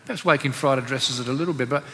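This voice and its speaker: A man's voice: mid-range voice, racing, sharp tone. An Australian man moderating a panel discussion, easygoing and fond of telling anecdotes. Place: conference hall. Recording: reverberant hall with faint room noise.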